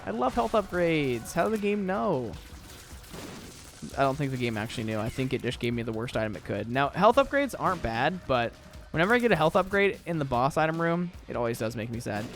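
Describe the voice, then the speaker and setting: A man's voice: mid-range voice, very animated, fairly quick, faint music behind. A young American man chatting casually through a let's-play, rambling with lots of "like" and "um". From southern United States. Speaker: gaming YouTuber.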